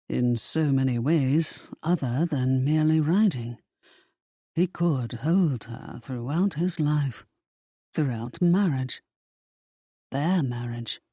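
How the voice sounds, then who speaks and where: Audiobook reader, mid pitch, steady storytelling, very dry close mic. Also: breathy edge, no echo. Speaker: audiobook narrator. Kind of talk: scripted narration.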